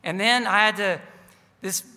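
A man's voice: high voice, unhurried, pushed and bright, long reverb tail, exaggerated voice. A man voicing a frightened, exhausted little boy, in a raised, pleading tone. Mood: anxious, weary.

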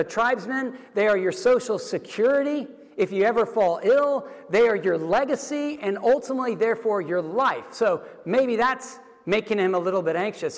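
A man preaching a sermon in a conversational, explanatory way, with casual "like" asides, sometimes acting out the voices in a dialogue. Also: high voice. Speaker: pastor. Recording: long hall reverb.

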